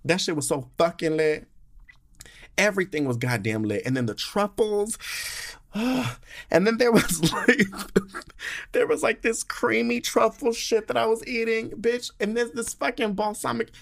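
A young American man recapping his trip in a casual monologue, sassy and animated, swearing often and gushing with drawn-out words. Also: high-pitched, gravelly. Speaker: podcast host.

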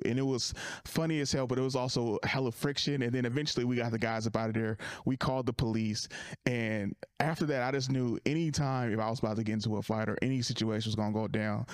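A comedian telling a rambling story in casual chat, full of fillers and restarts. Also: male voice, mid-range voice, no echo, studio quality.

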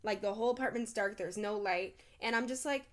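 A woman in her twenties co-hosting a podcast, telling rambling, animated stories, swearing freely and laughing often. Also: medium pitch, fairly quick. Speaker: podcast co-host. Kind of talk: casual storytelling chat.

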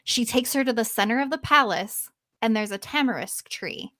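A woman hosting a podcast who retells a myth in a lively, casual way, swearing now and then. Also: on the high side, normal speed, no room sound. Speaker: podcast host. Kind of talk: casual storytelling.

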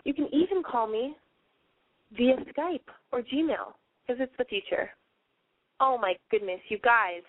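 A woman's voice: on the high side, lively intonation, unhurried, long pauses, dry recording. A woman hosting a call-in advice podcast while sick, coughing and wheezing, talking in a brash, profane, playful way. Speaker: podcast advice show host. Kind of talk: casual call-in show monologue. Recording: phone-like narrow band.

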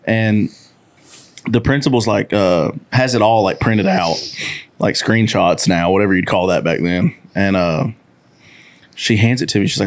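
A man's voice: lowish voice, unhurried. A young man, a podcast guest, telling a story casually and animatedly, often breaking into laughter.

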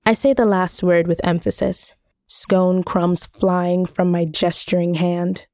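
A woman reading a first-person short story aloud in a measured, wry way. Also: on the low side, fairly even intonation, darkish tone, no room sound, studio quality. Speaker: reader.

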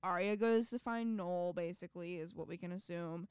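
A woman's voice: on the low side, moderate pace, a little mellow, clean tone, no echo. A young woman co-hosting a podcast, recapping a TV episode in a dry, teasing, matter-of-fact way. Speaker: podcast co-host. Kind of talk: casual chat recapping a TV show.

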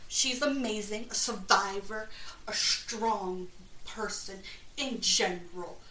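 A woman's voice: mid-range voice, takes it slowly, bright, forceful tone, slight background noise. A young woman hosting a casual true-crime podcast, talking in a rambling, nervous, self-deprecating way. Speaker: podcast host. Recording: echoey room.

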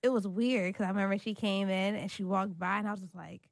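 A woman in casual chat, talking in a relaxed, halting way and trailing off into fillers. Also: medium pitch, gravelly, no echo.

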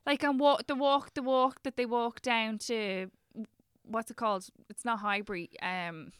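A woman's voice: on the high side, steady tone, unhurried, fairly bright tone, clear, resonant tone, no echo, clean studio sound. A young Irish woman, telling stories and teasing in a chatty, casual podcast conversation. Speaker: podcast co-host. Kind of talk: casual chat.

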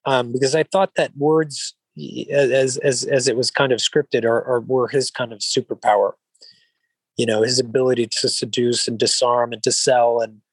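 A man, an actor being interviewed, who talks in an even-keeled, mellow way, rambling with frequent restarts and filler phrases. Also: medium pitch, normal speed, breathy edge, dry recording, poor audio. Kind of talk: relaxed interview conversation.

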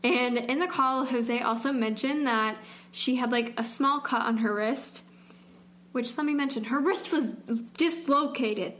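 A woman's voice: on the high side, measured pace, a bit bright, a little hiss or hum. Chatty young woman recounting a case. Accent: slight Southern twang. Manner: chatty, heavy use of "like", trailing restarts. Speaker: podcast co-host. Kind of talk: casual true-crime chat.

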